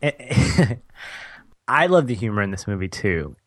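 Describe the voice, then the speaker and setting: A man's voice: lowish voice, sing-song, a little slow, a bit bright, no echo, studio quality. A man co-hosting a podcast, enthusiastically recounting favorite movie scenes and teenage memories, laughing mid-sentence. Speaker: podcast co-host. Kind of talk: casual movie discussion.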